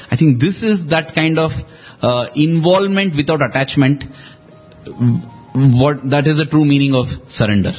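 Husky man, reflective storyteller. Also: on the high side, dull audio. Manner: reflective, acts out quoted lines with shifting emphasis. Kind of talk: conversational storytelling about scripture.

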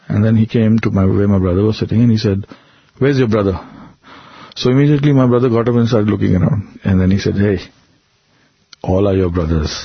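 A man's voice: lowish voice, breathy edge, dry recording, highs cut off. A man recounting personal memories in an earnest, reflective interview, often laughing between stories. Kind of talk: conversational storytelling interview.

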